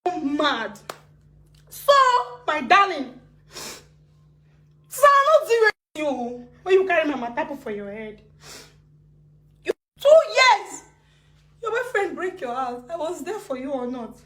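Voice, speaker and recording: A woman with a Nigerian Pidgin accent, ranting on a live video, agitated and swinging between laughing, crying and shouting. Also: high-pitched, big pitch swings, measured pace, reverberant. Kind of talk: emotional live-video rant.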